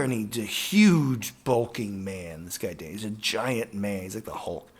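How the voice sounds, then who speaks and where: A pro skateboarder tells a loose, profane story packed with filler words, wandering as he goes. His male voice is on the low side and animated, with a breathy edge, and he keeps a measured pace.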